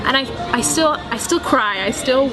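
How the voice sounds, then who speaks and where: A woman's voice: high voice, expressive, moderate pace, over loud music. A young adult woman, an actress and screenwriter, answering interview questions in an enthusiastic, chatty way, laughing often and restarting her sentences.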